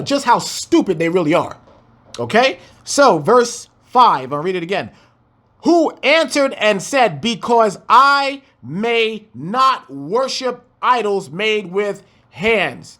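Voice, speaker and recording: Reading scripture verse by verse, a Bible teacher whose voice is high and fairly bright offers emphatic, chatty commentary in an informal Bible study. He talks to those listening as if they were his family.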